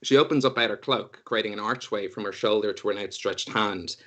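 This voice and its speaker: A man's voice: lowish voice, a little fast, a bit bright. A man narrating a tabletop game as game master, rambling and laughing often.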